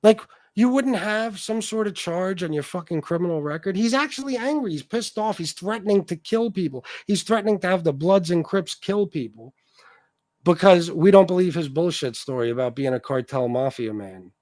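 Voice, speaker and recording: Heated male livestream host, high voice, swearing rant, dry mic. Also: lively intonation, moderate pace, darkish tone, no room sound. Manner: profane, heated, repetitive. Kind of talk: ranting livestream commentary.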